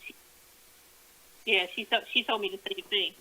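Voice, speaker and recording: A woman calling in to a talk show, speaking earnestly and haltingly, repeating her points as she goes. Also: mid-range voice, fairly even intonation, sharp tone, slightly rough. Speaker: caller. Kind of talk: casual phone-in conversation. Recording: tinny phone line.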